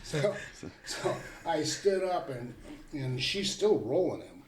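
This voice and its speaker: An older man of medium pitch recounts a tale in a plainspoken, folksy way. His voice rings with a roomy echo, as if he is sitting a bit back in the room. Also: big pitch swings, slow pace, slight background noise. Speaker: guest. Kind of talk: casual storytelling.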